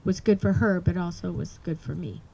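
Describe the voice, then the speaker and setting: A middle-aged woman telling a personal story to an audience, earnest and halting, with many restarts. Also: lowish voice, vocal fry, a little mellow, low-quality recording. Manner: earnest, halting, emotional recounting. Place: live performance space.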